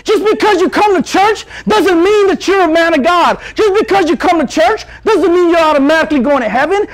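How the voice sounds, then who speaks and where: High-voiced young preacher, animated and jokey. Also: male voice, rough recording. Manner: animated, jokey, rising to shouts. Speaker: youth pastor. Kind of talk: youth sermon.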